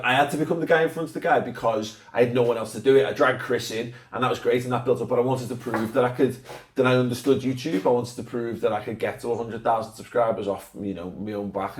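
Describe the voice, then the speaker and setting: A man with a Scouse accent answering fan questions in casual, sweary, animated chat. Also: medium pitch, echoey room, distant mic. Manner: sweary, animated, laughs a lot.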